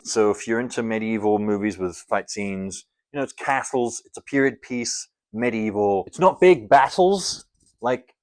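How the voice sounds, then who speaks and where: A young man from Scotland, talking casually and rambling through his movie rankings in a vlog, with playful theatrical bursts on each countdown number. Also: on the low side. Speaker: film reviewer.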